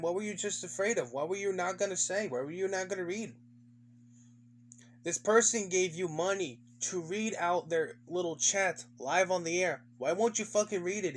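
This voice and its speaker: A man's voice: sits high, slight background noise. A man giving profane, mocking commentary, swearing constantly and repeating taunting questions. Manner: heavy swearing, taunting repetition.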